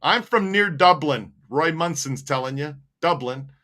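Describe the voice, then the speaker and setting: A man's voice: a little high, expressive, a little slow, bright, forceful tone. A man co-hosting a casual live-stream chat, joking around and laughing often. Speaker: co-host.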